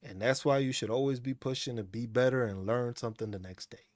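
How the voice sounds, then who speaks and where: Man, casual chat host, laid-back and swearing, mid pitch, dry close sound. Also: brisk, darkish tone, dry recording. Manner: laid-back, profane, laughs often. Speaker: streamer host.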